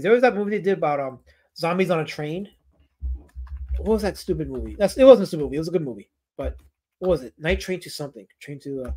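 A man's voice: a little high, a little mellow. A man hosting a casual livestream about comic artists, rambling, answering his chat and putting on playful mock outrage.

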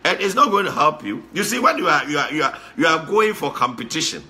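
Animated Ghanaian man, bright high voice. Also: fast. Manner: animated, repetitive, mixing Pidgin and Twi. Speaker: commentator. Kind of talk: casual spoken commentary.

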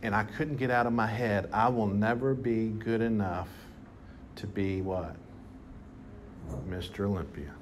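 Animated preacher, faint room hum. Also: male voice, lowish voice, measured pace, long pauses. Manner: animated storytelling, bursts of emphasis. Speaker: pastor. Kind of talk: sermon. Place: church hall with congregation.

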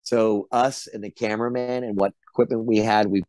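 A man's voice: on the low side, fairly even intonation, brisk, a little mellow, no room sound. A middle-aged man, an actor being interviewed, telling casual anecdotes and acting out the quotes. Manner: chatty storyteller, acts out quotes. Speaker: actor guest.

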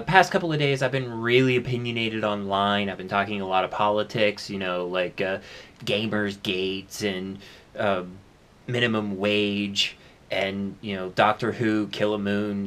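A man's voice: fairly low pitch, a bit bright. Rambling, chatty man on a camera mic. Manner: rambling and chatty, with many "uh" and "I mean" asides. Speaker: vlogger. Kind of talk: casual solo vlog. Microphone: handheld camera's built-in mic.

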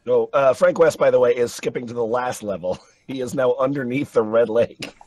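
A man's voice: medium pitch, normal speed, mellow, no echo. A man co-hosting a comedic live podcast, giggly and asking questions with mock enthusiasm. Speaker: podcast co-host.

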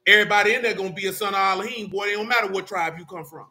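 A man leads a Bible study, preaching in a folksy, animated style while quizzing his listeners and calling them "boy" and "man." His voice is high-pitched and rapid-fire.

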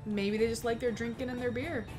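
A woman's voice: fairly high pitch, steady tone, brisk, a little mellow, soft background music. A woman in casual gaming chat, giggly and sympathetic. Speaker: game co-commentator.

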